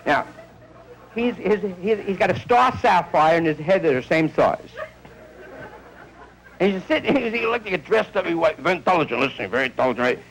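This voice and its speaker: A man's voice: sits high, sing-song, fairly quick, vocal fry, pauses often, rough recording. A man doing a rambling stand-up comedy monologue, telling stories and acting out bits of dialogue.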